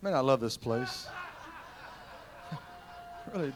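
A middle-aged man preaching a revival sermon at mid pitch. He tells personal stories with animated energy, rising to loud, ringing lines and dropping to hushed, intimate asides. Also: slow pace, noisy background.

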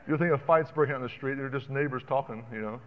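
A man preaching a sermon in an animated, conversational way, calling out to the congregation. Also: medium pitch, quick pace. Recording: dull sound with long reverb in a hall.

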